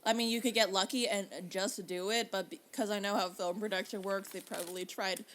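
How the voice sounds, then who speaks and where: A young woman from Canada, co-hosting a casual podcast chat, sarcastic and animated, swearing freely. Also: mid-range voice, fairly quick. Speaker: podcast co-host.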